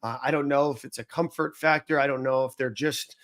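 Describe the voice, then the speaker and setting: Podcast host, mid-pitched man, relaxed chatty delivery. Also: fairly quick. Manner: conversational, lots of fillers like um and you know. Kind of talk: casual sports chat.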